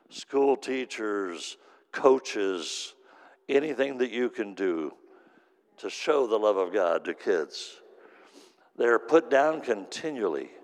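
Gravelly low-voiced man preaching in a hall. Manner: earnest, repetitive emphasis. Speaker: minister. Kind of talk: sermon storytelling. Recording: long hall reverb.

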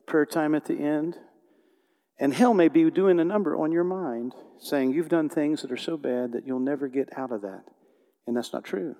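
Impassioned preacher man in a reverberant hall. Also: fairly high pitch. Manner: impassioned, swings from hushed to loud. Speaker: pastor. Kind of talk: sermon.

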